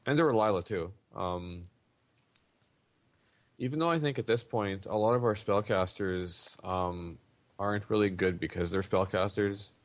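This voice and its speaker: A man with a lowish voice chats casually on a podcast about his favorite cards. He talks loosely, stopping and restarting with lots of ums. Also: measured pace. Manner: rambling, many ums and restarts. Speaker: podcast co-host. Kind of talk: casual card-game chat.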